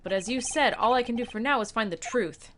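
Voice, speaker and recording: A woman's voice: fairly high pitch, brisk, a bit bright, natural voice. A woman voicing an earnest, unsure young male defense attorney in a video game, with game music playing.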